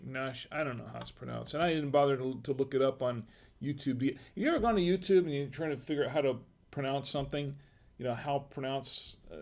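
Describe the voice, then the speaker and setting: Man, gravelly, mid-pitched, casual rambling host, halting delivery, self-deprecating. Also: darkish tone. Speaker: live-stream host of a wine tasting show. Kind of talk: casual live-stream chat.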